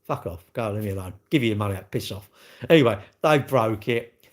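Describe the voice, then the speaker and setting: A man's voice: on the low side, lively intonation, fairly quick. A British man in his fifties, a used car dealer, rambling bluntly and swearing in a casual live-stream chat.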